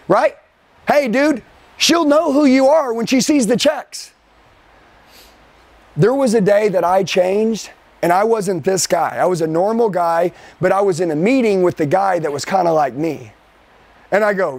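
There's no room sound as an animated, high-voiced man coaches a team forcefully in a live sales training. He keeps throwing rhetorical questions out and shifts tempo, rushing certain lines and lingering on others for emphasis.

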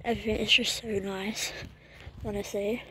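A woman's voice: mid-range voice, flat delivery, moderate pace, bright, forceful tone, a little hiss or hum. A young woman chatting casually to her viewers, rambling with lots of fillers. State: out of breath while walking. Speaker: vlogger. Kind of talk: casual vlog narration.

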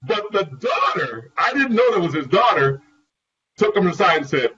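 Man, guest on a caregiving talk show, animated storyteller, muffled and distant with crowd noise behind. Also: sits high, normal speed. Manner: lively, laughing, acts out voices in anecdotes.

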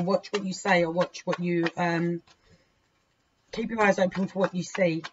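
A woman giving a weekly tarot reading, frank and indignant, swearing freely and breaking into sudden loud outbursts. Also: on the low side, flat delivery, normal speed. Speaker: tarot reader. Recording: dull lo-fi recording with faint hiss.

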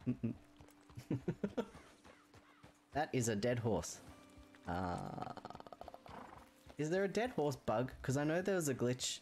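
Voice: mid-range voice, expressive, slow pace, long pauses, darkish tone, slight background noise. An Australian streamer chatting casually during a roleplay game stream, laughing often and swearing freely.

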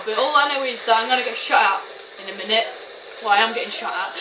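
A woman narrates her gameplay in a high, excitable voice, full of swearing and shrieks. She sounds a little away from the mic in a roomy space. Loud game music plays behind her. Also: quick pace, distant mic, noisy background. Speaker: gaming video host. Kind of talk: let's-play commentary.

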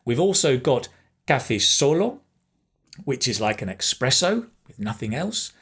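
A man with a slightly husky voice teaches a beginner lesson at an unhurried pace. His pitch rises and falls a lot as he models phrases and encourages listeners to repeat them. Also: sing-song, a bit bright. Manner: slow, careful, encouraging, pauses for repetition; switches between English and Spanish phrases. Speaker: Spanish teacher. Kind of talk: language lesson.

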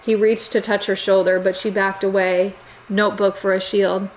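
A woman narrates a novel in a steady, measured storytelling voice. Her pitch sits in the middle of the range. A faint hum of background noise sits under the reading. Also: poor audio. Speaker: audiobook narrator. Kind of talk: scripted narration.

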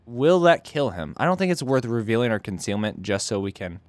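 Animated man with swinging, playful inflections. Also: a little fast, no echo. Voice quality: swings pitch wildly, playful odd inflections, swears. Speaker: let's play host. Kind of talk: casual gameplay commentary.

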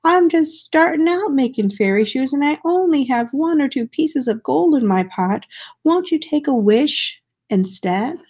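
A woman voicing a clever male leprechaun who pleads in a high, wheedling voice. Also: expressive, measured pace, a little mellow. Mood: pleading.

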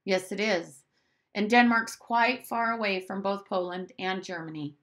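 A woman reading aloud, voicing a quiet, thoughtful nine-year-old boy in a storybook. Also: mid-range voice, steady tone, measured pace, lightly acted.

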